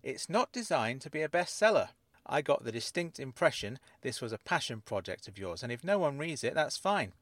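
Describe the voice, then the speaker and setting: A man voicing a mysterious woman who claims to come from another planet, speaking in a calm, measured and quietly guarded way in an audiobook. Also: medium pitch, dry recording. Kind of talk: audiobook character voice.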